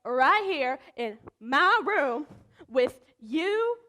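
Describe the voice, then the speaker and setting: A woman's voice: sits high, very animated, extremely slow, bright, forceful tone, heavily acted. A teenage girl acting on a school stage as a drunk, giggly college girl with a Southern accent who slurs and turns defensive. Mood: drunk indignant. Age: teens. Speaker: student actor.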